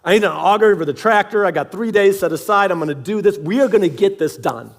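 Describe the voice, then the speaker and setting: A man's voice: sits high, fast talker. A man preaching in church, telling a humorous personal story and acting out both sides of a conversation in a self-mocking way. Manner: animated, self-mocking storyteller who acts out dialogue. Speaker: pastor. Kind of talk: storytelling sermon. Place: church sanctuary.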